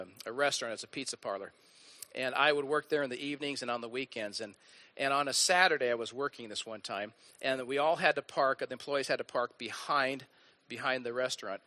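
Male pastor, middle-aged, bright slightly high voice, emphatic sermon delivery. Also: dry recording. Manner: animated, emphatic preaching with rising bursts.

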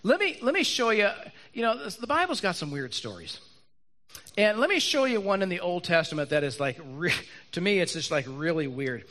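A man preaching a sermon to a room and an online audience, animated, acting out Bible characters and repeating lines for emphasis. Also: sits high, fairly quick. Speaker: pastor. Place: church hall with live audience and online stream.

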